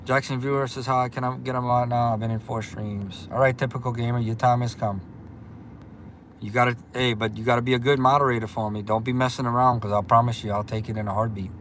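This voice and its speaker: A man's voice: medium pitch, flat delivery, fast talker, slight background noise. Upbeat man hosting a livestream. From Louisiana. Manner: upbeat, chatty, greets viewers by name. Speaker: livestream host. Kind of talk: casual livestream chat reading viewer comments.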